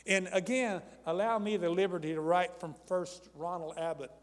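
A man preaching a sermon, repeating phrases, calling out to his congregation and building to loud, fervent emphasis. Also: high-pitched, steady tone, moderate pace, big-room sound. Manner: calls out to the congregation for responses.

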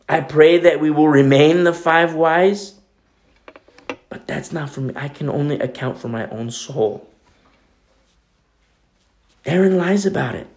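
A middle-aged man preaching a sermon in a conversational way, his voice swinging between loud emphasis and near-quiet asides. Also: fairly high pitch. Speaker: pastor.

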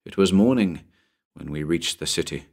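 A man narrating a pulp story in a dramatic, expressive audiobook reading. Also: deep voice, normal speed. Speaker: narrator and channel host.

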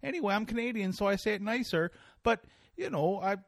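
A man putting on a smug, preachy male professor, pitched well above a normal speaking voice and lecturing in a mocking tone. It is a comic impression done during a podcast, recorded close and dry. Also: lively intonation, brisk, creaky, dry recording. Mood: mocking lecture.

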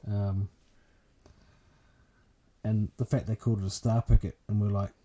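A man's voice: lowish voice, flat delivery, measured pace, dark tone. A man in casual chat, hesitant and self-deprecating, with many fillers. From New Zealand.

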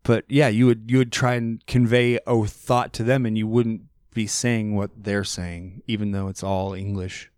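A man hosting a podcast in a studio, talking in a rambling, animated, profane way. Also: fairly low pitch, moderate pace, few pauses, clear, resonant tone, no room sound. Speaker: podcast host. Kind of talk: casual chat.

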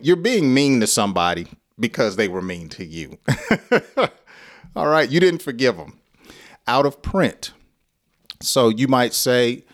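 Slow-talking American man teaching English. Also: mid-range voice. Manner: slow, playful, acts out example lines with laughs. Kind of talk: live-stream English lesson.

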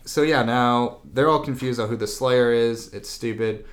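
Young guy chatting, mid-pitch voice, keeps saying like, does silly little voices for each character. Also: fairly even intonation. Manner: rambling, lots of "like", slips into quick silly character voices. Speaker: co-host recapping a film. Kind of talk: casual chat.

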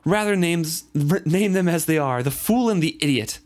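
A man's voice: a little high, expressive, moderate pace, voice pushed up, natural voice. A man putting on a scornful scolding old woman. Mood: disgusted. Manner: exasperated scolding.

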